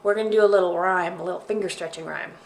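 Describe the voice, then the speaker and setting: A woman's voice: lowish voice, steady tone, rapid-fire, vocal fry, slight background noise. A woman librarian leading a children's story time, guiding finger rhymes in a friendly, chatty way.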